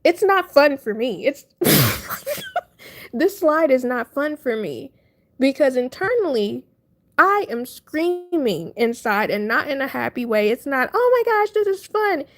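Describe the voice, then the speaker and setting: A young woman livestreaming, telling a funny story to her chat in a casual, animated way, laughing often and acting out her panic. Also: high-pitched, slow pace. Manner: animated, laughing, dramatic retelling.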